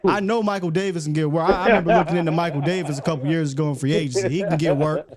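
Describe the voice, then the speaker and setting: A man hosting a sports show, arguing football in a casual, animated way and getting worked up. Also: a little high, rapid-fire, crowd noise. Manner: animated, gets worked up and loud. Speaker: sports podcast host.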